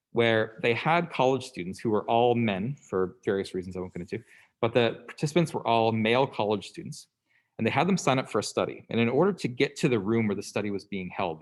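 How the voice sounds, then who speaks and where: A man with a fairly low voice gives a classroom lecture in a relaxed, conversational way. He keeps checking in with his listeners and briefly acts out the people in his examples. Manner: conversational, checks in with "okay?" and "right?"; acts out quoted people in passing.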